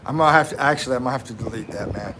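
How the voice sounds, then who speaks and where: A man's voice: mid-range voice, background noise. An American man hosting a casual livestream, chatting and laughing while reading out viewer comments. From United States. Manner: slow, laughing, chatty, drawn-out. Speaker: livestream host. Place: living in the Philippines.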